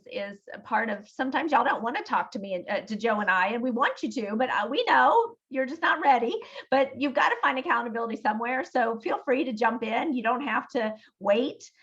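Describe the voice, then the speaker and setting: A woman's voice: on the high side, expressive, brisk, a bit bright. Encouraging woman coaching on a lo-fi call. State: froggy voice earlier today. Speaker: team leader closing a call. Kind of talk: motivational business call.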